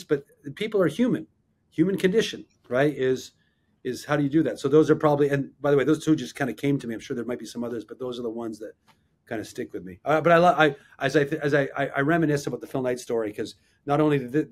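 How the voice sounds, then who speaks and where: A man in his fifties, an interview guest who tells animated, self-deprecating anecdotes. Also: mid-range voice. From Canada. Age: 50s. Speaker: guest, marketing executive.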